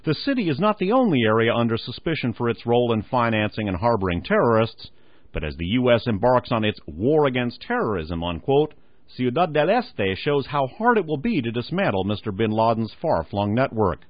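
A man's voice: mid-range voice, big pitch swings, brisk, no room sound. A man hosting a radio program, reading newspaper articles aloud and commenting on them. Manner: reads quotes then comments, says "skipping down". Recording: dull lo-fi radio recording.

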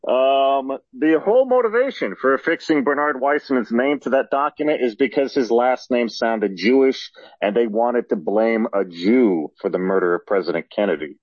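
A man's voice: medium pitch, expressive, no echo, lo-fi sound. A man calling in to a talk program, politely cutting in and correcting himself as he adds a point. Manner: polite, quick interjection with self-corrections. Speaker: caller or guest. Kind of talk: talk radio call-in remark.

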